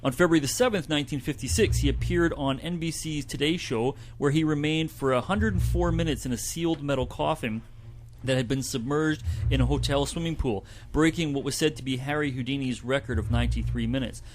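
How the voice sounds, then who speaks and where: A man's voice: medium pitch, a little fast, hardly any pauses, slight background noise. A man co-hosting a community radio show, reading a report aloud with light asides. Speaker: co-host presenting a report.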